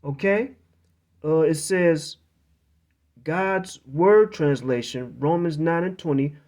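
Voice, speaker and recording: A male preacher giving a sermon, reading scripture aloud in a halting way with many fillers, repeats and profane asides. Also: on the high side, darkish tone.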